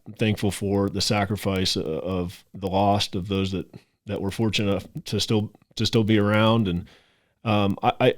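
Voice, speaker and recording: Heartfelt man with a lowish voice. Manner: heartfelt, grateful, emotional, with stammered restarts. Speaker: podcast host. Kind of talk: casual interview chat.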